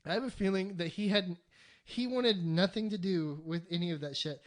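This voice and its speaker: A casual podcast co-host who rambles and swears freely. Their mid-pitched voice stays conversational and slips into brief mock voices for the characters. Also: normal speed.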